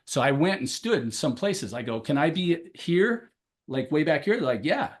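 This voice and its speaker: A man coaching high jump, chatting as a podcast guest, telling animated stories and acting out the people he quotes, often laughing as he talks. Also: normal speed. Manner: laughs often while talking. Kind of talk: casual podcast chat.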